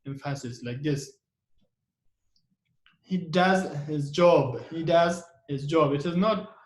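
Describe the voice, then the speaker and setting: Halting man teaching grammar, echoey. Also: a little high. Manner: halting, many fillers and restarts, repeats examples. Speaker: English teacher. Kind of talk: online grammar lesson.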